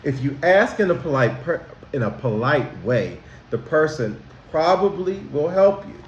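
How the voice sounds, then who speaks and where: A man, a school counselor, teaching children about manners in a slow, emphatic way, asking them questions directly. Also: fairly high pitch, sing-song, echoey room, lo-fi sound, a little hiss or hum.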